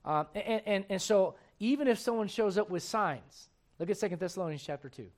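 Male pastor, high-pitched, emphatic sermon delivery with scripture reading. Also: animated, a little fast. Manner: emphatic, asks the congregation questions; reads scripture aloud in old wording.

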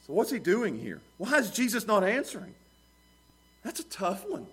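Animated high-voiced male preacher. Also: moderate pace, slightly rough. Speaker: pastor. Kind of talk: sermon.

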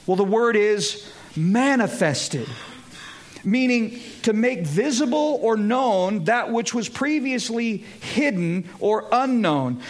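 A male pastor giving a sermon in a conversational, animated storytelling manner with dramatic pauses. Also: high voice.

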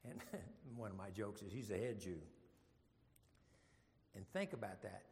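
A man's voice: fairly low pitch, very animated, unhurried, darkish tone, long reverb tail. A man leading an informal Bible study, folksy and joking, with rambling asides.

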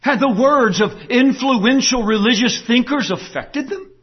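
A man's voice: very high voice, measured pace, breathy edge, lo-fi sound. A man preaching a sermon in an earnest, emphatic way, asking rhetorical questions. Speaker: pastor.

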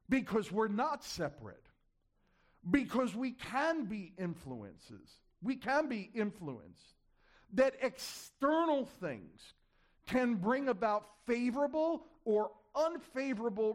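Slow, high-voiced male preacher. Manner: emphatic repetition and rhetorical questions to the congregation. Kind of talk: sermon.

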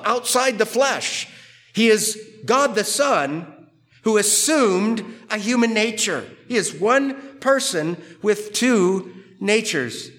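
Pastor, American man, raised voice, unhurried and deliberate, long reverb of a large sanctuary. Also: sits high, a bit bright. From United States. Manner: slow, emphatic, repeats words for stress. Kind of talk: expository sermon.

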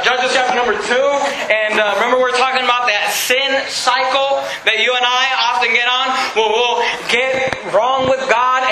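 A man preaching a sermon as pastor, building emphasis and repeating words as he drives his points home. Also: high-pitched. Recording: echoey room with faint hiss.

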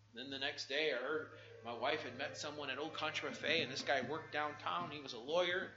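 A middle-aged man preaching a sermon with a personal testimony, swinging from hushed asides to shouted exclamations. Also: fairly high pitch, lively intonation, fairly quick, echoey room, highs cut off, soft background music.

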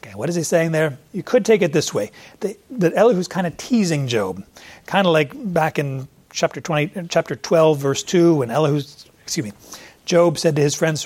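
A man preaching an expository sermon in a conversational way, pausing to search for verse numbers and now and then voicing imagined questions to a listener. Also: fairly high pitch, expressive, darkish tone. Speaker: pastor.

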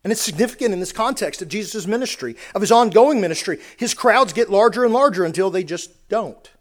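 A man's voice: high-pitched, animated, fairly quick. A man preaching a sermon, earnest, often repeating words and restarting phrases as he builds a point.

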